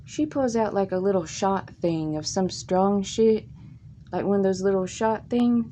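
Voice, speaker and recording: A woman from Tennessee telling crude, funny stories from her life in a casual, drawn-out way. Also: mellow, slight background noise. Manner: slow, drawn-out delivery with crude jokes and squeaky put-on quotes. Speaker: comic storyteller. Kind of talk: casual comic storytelling.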